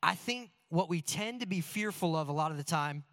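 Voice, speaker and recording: Higher-voiced man telling a sermon story. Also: brisk, no room sound. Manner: animated, self-deprecating anecdotes. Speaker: church staff speaker. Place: church sanctuary before a congregation.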